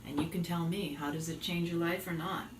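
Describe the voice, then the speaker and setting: A woman's voice: lowish voice, steady tone, a little fast. A talkative woman with a light Boston accent chats to her viewers while she cooks. She sounds a little distant from the mic in an echoey room, with faint background noise. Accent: slight Boston. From Boston area. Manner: chatty, giggly, talks to viewers. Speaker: vlogger and yoga teacher. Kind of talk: casual cooking chat.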